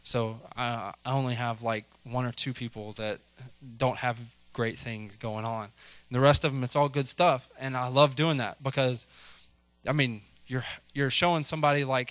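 A man's voice: mid-range voice, a bit bright, no echo. A middle-aged man preaching a casual sermon, chatty, with many fillers and a habit of asking "right?". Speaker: lay preacher.

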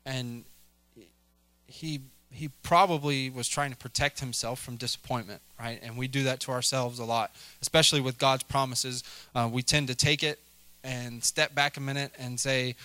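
A man's voice: medium pitch, steady tone, normal speed, sharp tone, no room sound. A middle-aged man preaching a casual sermon, chatty, with many fillers and a habit of asking "right?". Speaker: lay preacher.

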